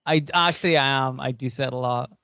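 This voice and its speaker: A man with an Irish accent chatting casually as a podcast co-host, rambling in an animated way. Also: mid-range voice, fast talker, gravelly, dry recording. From Ireland. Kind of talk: casual chat.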